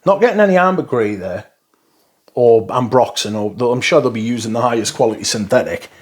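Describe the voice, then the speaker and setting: A man's voice: medium pitch, expressive, a little fast, breathy edge. A man giving casual, rambling first impressions of fragrances, blunt and full of swearing. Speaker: fragrance reviewer.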